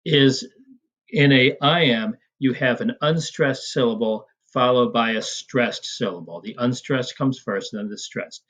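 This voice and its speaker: A man's voice: medium pitch, a bit bright, breathy edge, low-quality recording. A male Latin teacher giving a recorded lecture, explaining patiently with some hesitant restarts and exaggerated stresses on example sentences.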